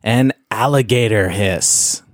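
A man's voice: fairly low pitch, takes it slowly, dry recording, clean studio sound. A man hosting a casual podcast game segment, teasing and playful as he quizzes his guests. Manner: playful, teasing quiz-master. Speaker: host.

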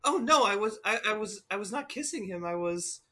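A man's voice: high voice, animated, brisk, bright, forceful tone, pitched above the performer's own voice. A man voicing a polite, naive alien heroine. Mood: earnest. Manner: earnest, formal speech.

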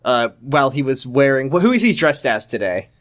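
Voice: mid-range voice, big pitch swings. A young podcast co-host cracking jokes and reading along with frequent laughter. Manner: quick quips, laughing. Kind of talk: comedic banter.

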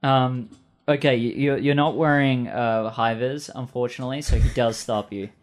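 Game master, halting. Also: male voice, mid-range voice, steady tone. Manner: halting, filler-heavy narration. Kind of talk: narrating a tabletop game.

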